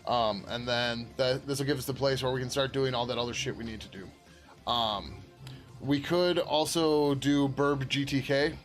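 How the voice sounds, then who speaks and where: A man who is a software developer streaming his work, chatting casually as he codes. He rambles, laughs often, answers his viewers and swears now and then. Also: mid-range voice, moderate pace, faint music behind. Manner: swears casually, many fillers. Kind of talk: casual live-stream chat while coding.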